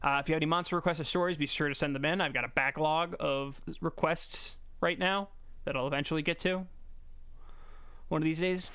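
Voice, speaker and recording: A man's voice: a little high, fairly even intonation, brisk, sharp tone, clean tone, dry recording. A man co-hosting a podcast in casual chat, rambling with fillers and restarts. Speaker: podcast co-host.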